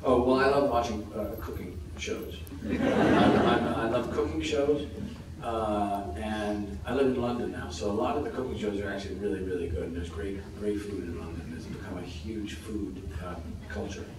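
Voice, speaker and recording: An American man answering audience questions on a convention panel, relaxed and self-deprecating, laughing often. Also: on the low side, normal speed. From United States. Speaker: actor guest on a convention panel. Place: large convention hall with audience. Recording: very echoey hall from far off, noisy.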